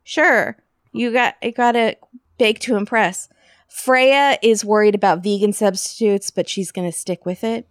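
A woman's voice: medium pitch, measured pace, no room sound, clean studio sound. A woman co-hosting a podcast, casually recapping a TV episode with jokes and laughter. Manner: chatty, jokey, laughs often. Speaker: podcast co-host.

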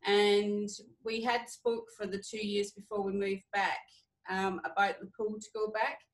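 A woman's voice: medium pitch, lively intonation, a little slow, rough recording. A woman from Australia, a business owner, telling family stories in a casual interview.

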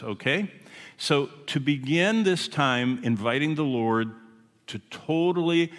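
A man's voice: mid-range voice, fairly bright tone. A man who is a traveling missionary preaching a sermon to a congregation, telling stories in a folksy, chatty way with asides to the audience. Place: church or meeting hall with a congregation. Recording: long hall reverb.

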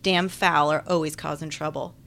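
A woman's voice: low voice, fairly even intonation, normal speed, gravelly, a bit bright. A woman voicing a shirtless, easygoing man with a Southern accent, in an audiobook.

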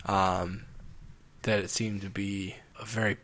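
A man's voice: low voice, level tone, slow, fairly bright tone. A man co-hosting a film review podcast, talking casually and often trailing off mid-thought. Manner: hesitant, restarts and trails off. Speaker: podcast co-host reviewing films. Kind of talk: casual chat.

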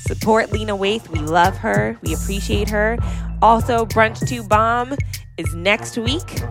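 A woman co-hosting a podcast, chatty and animated, who acts out little quotes as she talks. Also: medium pitch, a little slow, music in the background. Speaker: podcast co-host. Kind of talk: casual podcast chat.

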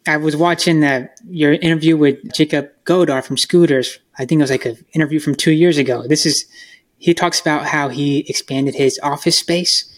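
A man with a fairly high-pitched voice chats on a podcast. He agrees with his co-host and adds his own points, restarting a sentence now and then. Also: fairly even intonation, moderate pace. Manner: agreeable, chimes in with follow-up points, some restarts. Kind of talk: casual podcast chat.

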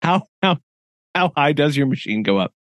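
A very animated middle-aged man with a voice on the high side co-hosts a podcast at normal speed, laughing often as he tells a story in casual talk. The audio is studio quality, free of echo.

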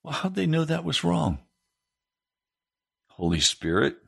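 Male pastor, sermon, gravelly fry, slow deliberate delivery, pitch leaps on emphatic questions. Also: big pitch swings, a bit bright. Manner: preaching with wide swings in pitch, rising to emphatic high questions.

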